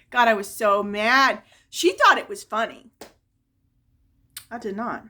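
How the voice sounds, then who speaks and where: A woman's voice: a little high, slow pace, pauses often. Woman telling a personal story. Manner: conversational and expressive, wistful when reflecting.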